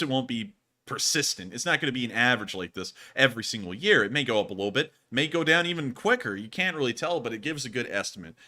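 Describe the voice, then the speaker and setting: A man hosting a live news stream, talking casually and mocking critics. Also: medium pitch. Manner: animated, mocks critics in a raised voice. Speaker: host of a war news stream.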